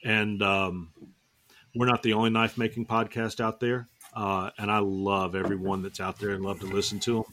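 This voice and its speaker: A man's voice: lowish voice, flat delivery, normal speed, fairly bright tone, slight background noise. A man hosting a casual roundtable podcast, joking and teasing as he rambles along. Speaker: podcast host.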